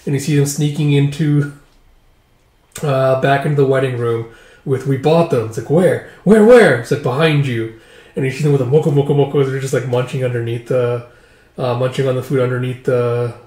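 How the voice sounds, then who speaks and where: A man's voice: mid-range voice, level tone, fairly quick, pauses often, warm tone, reverberant. A man casually recapping a comic aloud, chatty and laughing often. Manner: chatty, laughing, repeats "it's like". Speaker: manga reader.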